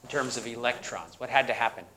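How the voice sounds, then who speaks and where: A man's voice: mid-range voice, quick pace, pushed and bright, a little hiss or hum. A male university lecturer teaching a classroom chemistry lecture, quizzing students and repeating their answers, with the odd corny joke. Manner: jokey, plays up corny jokes. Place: lecture hall.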